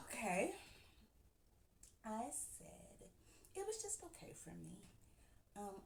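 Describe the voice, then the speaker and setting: A woman talking casually about books she has read, chatty and quick to giggle, calling her listeners "honey.". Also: medium pitch, slight background noise. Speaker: book reviewer. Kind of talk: casual chat. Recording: roomy echo.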